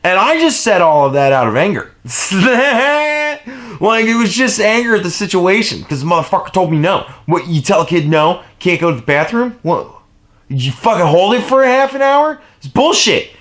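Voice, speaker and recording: A man in his late thirties tells a crude story, dropping into low mutters, then climbing into loud laughing bursts. His voice sits fairly high for a man. It is a loose, rambling vlog delivery, full of swearing. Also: very animated, moderate pace. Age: 30s. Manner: profane, laughing, swings from low mumbles to loud outbursts. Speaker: vlogger.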